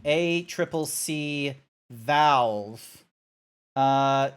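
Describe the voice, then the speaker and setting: A man's voice: medium pitch, very slow, clear, resonant tone. Rambling, swearing male streamer chatting live. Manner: rambling and sidetracking, with profanity and filler sounds. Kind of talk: casual live-stream chat, answering viewers. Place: Australia.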